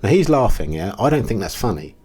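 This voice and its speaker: A man with a low, slightly husky voice talks to camera in a casual commentary video. He sounds blunt and exasperated, stopping for ums and restarting his sentences. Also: big pitch swings, brisk, darkish tone. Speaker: crypto video host.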